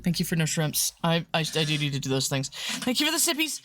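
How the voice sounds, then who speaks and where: A woman streamer chatting casually on a live stream, rambling, playful and laughing often, sometimes breaking into high squeals. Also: very animated, a little fast, a bit bright, no room sound, studio quality. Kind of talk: casual livestream chat.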